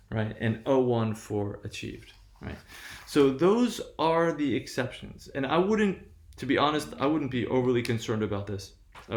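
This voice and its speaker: A man's voice: medium pitch, echoey room. A man giving a patient, explanatory lecture, often checking in with his listeners as he goes. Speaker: university lecturer. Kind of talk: recorded lecture.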